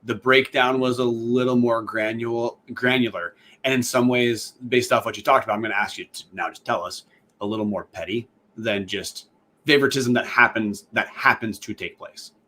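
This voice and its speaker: A man's voice: medium pitch, normal speed, sharp tone. A man co-hosting a podcast, asking long, winding questions and correcting himself as he goes. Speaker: podcast co-host. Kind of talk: podcast interview.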